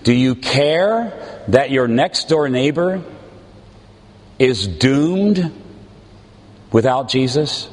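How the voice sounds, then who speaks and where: A man preaching a sermon as a pastor, with a slow, earnest, pleading delivery and dramatic pauses. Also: mid-range voice, expressive, big-room sound.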